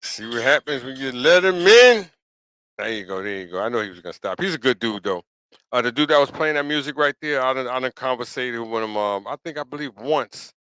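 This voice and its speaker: A man's voice: on the low side, a bit bright, no room sound. An older man hosting his own channel, talking straight to his viewers in a casual, preachy way. He repeats himself a lot, keeps checking "you hear me?" and chuckles between points. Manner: repetitive, earnest, keeps asking "you hear me?". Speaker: YouTube channel host.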